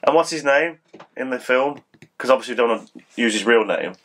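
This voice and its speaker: A man co-hosting a casual guessing game, animated and laughing, with mock outrage. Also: mid-range voice, fairly quick, slight background noise. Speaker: co-host.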